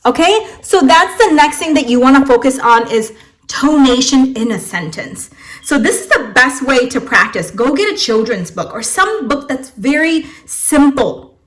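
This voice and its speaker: A woman's voice: high-pitched, animated, normal speed, a bit bright. A young woman from Vietnam teaching an English lesson in a casual, encouraging way, checking in with "okay?" and "right?" after many phrases.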